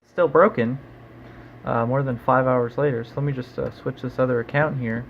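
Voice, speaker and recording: A young man giving casual, profane gameplay commentary in a low-energy mumble. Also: fairly even intonation, moderate pace, vocal fry, lo-fi sound. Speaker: gamer. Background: game music.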